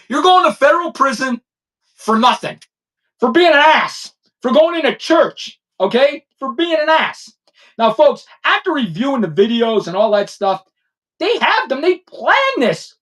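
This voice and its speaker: This podcast rant comes from a middle-aged ex-detective whose very high, somewhat bright voice has a sing-song lilt at normal speed. Combative and forceful, he keeps turning to the listener with "okay?"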